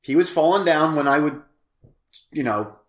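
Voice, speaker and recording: A man's voice: a little high, animated, normal speed, a bit bright. Rambling man in an echoey room. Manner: rambling, self-interrupting, laughs easily. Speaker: podcast co-host. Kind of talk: casual chat, movie review.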